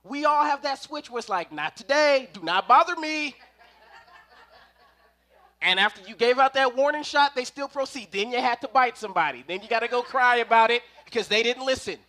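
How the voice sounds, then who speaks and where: A man preaching a storytelling sermon at a live service, animated and swinging from loud bursts to hushed tones. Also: very high-pitched, quick pace, few pauses. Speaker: preacher at a spiritual center.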